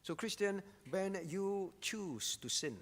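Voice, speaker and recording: A male pastor with a notably high voice delivers a sermon in a church, leaning on repetition and rhetorical questions to drive each point home. His words ring out with a long reverb from the hall around him. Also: lively intonation, slow pace, fairly bright tone. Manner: emphatic, repeats key phrases, frequent rhetorical "all right?".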